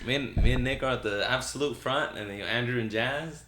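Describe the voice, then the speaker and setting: Fast-talking bright young man. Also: mid-range voice. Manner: animated storytelling, swears casually. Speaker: podcast co-host. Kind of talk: casual chat.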